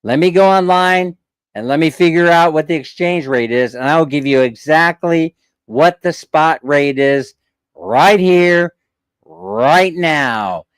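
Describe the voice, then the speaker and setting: A man's voice: on the high side, takes it slowly, clean tone, no room sound, rough recording. Chatty man telling a story on a live stream. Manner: chatty, jokey, laughs as he tells it. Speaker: vlog host.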